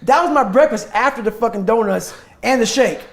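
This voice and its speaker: A man's voice: extremely high pitch, fairly quick. A man telling motivational stories as a podcast guest, intense and blunt, swearing in almost every sentence. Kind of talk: profane motivational storytelling.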